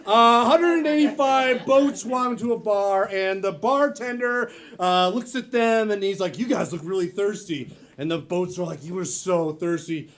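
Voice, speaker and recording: An improv performer rattling off bar jokes on stage, animated and quick to laugh. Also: mid-range voice, slight background noise. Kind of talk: improvised joke-telling. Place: comedy theater stage.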